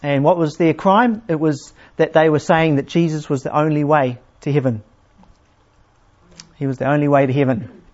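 A man preaching a sermon in a conversational way, restarting phrases often and slowing down to read scripture with emphasis. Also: on the high side, steady tone, darkish tone. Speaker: pastor. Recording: dull lo-fi sound.

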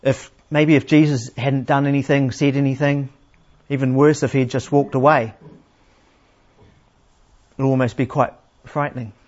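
A man's voice: mid-range voice, little pitch movement, normal speed, darkish tone. Male preacher, sermon, plain teaching tone, rhetorical questions, slightly lo-fi recording. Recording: slightly dull, lo-fi sound.

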